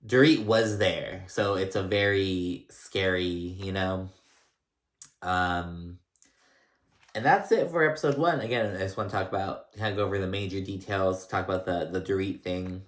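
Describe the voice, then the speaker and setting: A man's voice: low-pitched, reverberant. A man casually recapping a reality TV episode, rambling with lots of fillers and restarts. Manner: rambling, filler-heavy storytelling.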